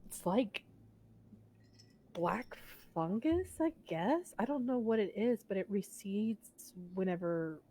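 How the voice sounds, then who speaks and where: A woman's voice: mid-range voice, lively intonation, slow pace, warm tone, voice pushed up. A woman playing a wary young archer in a tabletop game, speaking hesitantly in her own voice. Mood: uneasy. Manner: hesitant, unsure.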